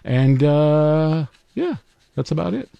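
A man's voice: on the high side, big pitch swings, slow pace, vocal fry, clean tone, muffled recording. A man hosting a live radio trivia show, bantering with his co-host and taking callers with easygoing self-deprecating humor.

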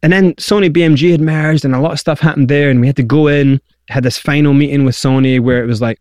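Animated man telling his story. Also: mid-range voice, dry recording, clean studio sound. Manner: animated, acts out quoted voices. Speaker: interview guest. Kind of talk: candid storytelling.

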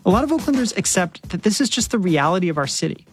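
A woman reporter narrating a radio news story in a measured, clear storytelling voice. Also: lowish voice, very animated, soft background music.

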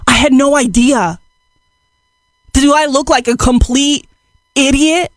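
A woman's voice: high-pitched, slow, no room sound. A woman co-hosting a radio show, chatting casually, telling stories and poking fun at herself. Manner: self-deprecating, animated storytelling. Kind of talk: casual morning radio banter.

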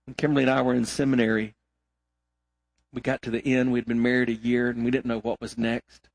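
A middle-aged man preaching a sermon as pastor, emphatic, swinging between loud exhortation and quiet asides. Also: medium pitch, little pitch movement, a little fast, vocal fry, no room sound.

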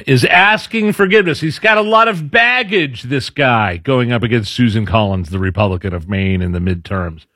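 A man's voice: on the low side, fairly bright tone, no echo, clean studio sound. A man hosting a casual political commentary show, talking loosely with restarts. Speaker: show host.

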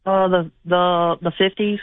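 High-voiced caller on a phone line. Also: male voice, little pitch movement, measured pace, no echo. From Mississippi, USA. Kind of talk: radio call-in chat.

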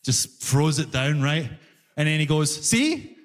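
A man's voice: fairly high pitch, measured pace. A Scottish man with a Glaswegian accent performing a stand-up set, telling a story with lots of acted-out voices on a concert hall stage. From Scotland. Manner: animated storytelling, acting out both sides. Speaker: stand-up comedian. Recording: live hall reverb.

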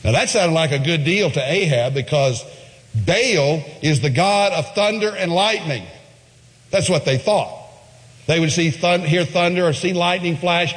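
A man preaching a sermon, his fairly high voice carrying through a hall with a long reverb. He tells a Bible story with animated delivery and acts out the voices of its people. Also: a little slow. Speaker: pastor.

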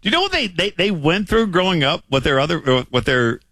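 A middle-aged man co-hosts a sports talk show, needling his partner and tripping over repeated words when he gets going. His voice is bright and swoops up and down a lot. The studio sound is close and dry. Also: on the high side, a little fast, no echo. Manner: teasing, animated, repeats words when excited. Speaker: sports radio co-host. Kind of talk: casual sports talk radio banter.

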